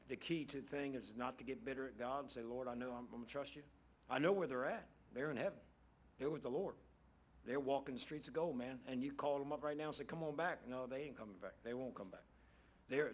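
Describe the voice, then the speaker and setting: Folksy preacher man. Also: mid-range voice. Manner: folksy and conversational, repeats phrases for emphasis. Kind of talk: casual sermon.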